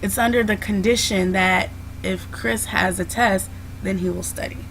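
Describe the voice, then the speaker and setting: A woman's voice: mid-range voice, fairly even intonation, normal speed, vocal fry, fairly bright tone, a little hiss or hum, low-quality recording. Patient woman teacher explaining grammar. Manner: patient, explains step by step with many "so"s. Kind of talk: classroom video lesson.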